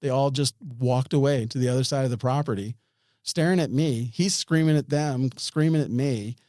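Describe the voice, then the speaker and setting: A man's voice: medium pitch, moderate pace, mellow, no room sound, clean studio sound. A man, a podcast guest, tells a story in a rambling way, with many restarts and chuckles. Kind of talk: storytelling in an interview.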